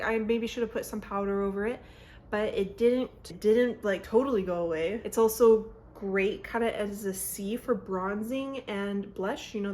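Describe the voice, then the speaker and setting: Her voice is medium-pitched and a little mellow. A young woman rambles chattily through a casual makeup tutorial at home beside a mirror, interrupting herself along the way, with the audio recorded on a phone camera.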